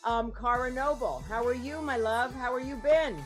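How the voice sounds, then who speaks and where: Brief: rambling female podcast host, fairly high voice, faint music under her. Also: moderate pace. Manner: chatty, rambling, lots of ums. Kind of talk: casual chat.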